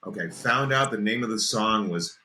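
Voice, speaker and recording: Faint hiss sits under this low-quality recording of a podcast host telling an eerie story conversationally. His low, deep voice has a bright, forceful edge as he heightens the drama, builds suspense, and stops now and then to ask "okay?"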